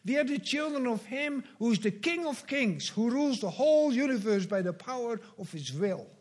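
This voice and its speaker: A pastor preaching a sermon, earnest and measured, with slow emphatic repetitions. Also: male voice, very high voice, lively intonation.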